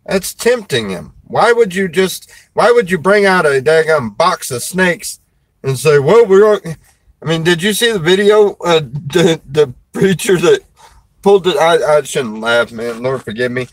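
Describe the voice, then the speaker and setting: A man's voice: on the high side, animated, unhurried, no echo, poor audio. Folksy preacher man, rambling. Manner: folksy, rambling, laughs often. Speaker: preacher and show host. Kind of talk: casual chat.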